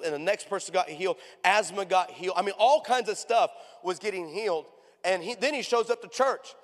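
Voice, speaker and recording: A man preaching a sermon as pastor, telling stories in an animated way and acting out the people in them with big raised voices. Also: sits high. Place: church sanctuary. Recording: long hall reverb.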